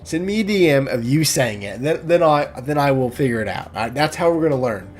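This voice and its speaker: A man's voice: medium pitch, animated, a little fast, breathy edge. A young man from Oklahoma doing joking play-by-play commentary on a video game football league, often laughing and stumbling over names.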